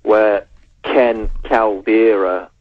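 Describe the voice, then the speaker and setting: A low-voiced man calling into a radio show over a tinny phone line. He keeps his delivery flat and measured as he reads out his findings. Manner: level, measured, reading out details. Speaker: researcher and writer on air.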